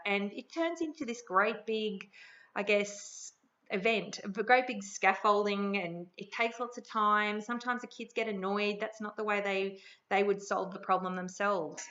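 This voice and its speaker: A middle-aged Australian woman talks through parenting advice in an easy, conversational manner. Her voice has a bright, forward tone. The recording sounds a little dull and lo-fi. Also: mid-range voice, measured pace. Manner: friendly, conversational, practical. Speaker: parenting educator. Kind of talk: promotional talk to camera.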